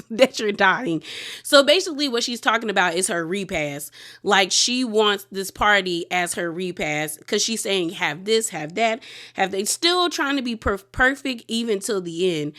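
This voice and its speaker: A woman's voice: mid-range voice, fairly bright tone. Chatty woman recapping a TV episode. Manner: chatty, lots of "like", sassy asides and laughs. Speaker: TV recap host.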